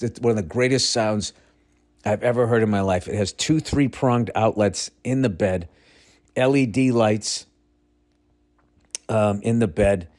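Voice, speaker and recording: A man hosting a podcast, telling a loose, profane story in a blunt, excitable way. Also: lowish voice. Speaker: podcast host. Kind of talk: casual rambling monologue.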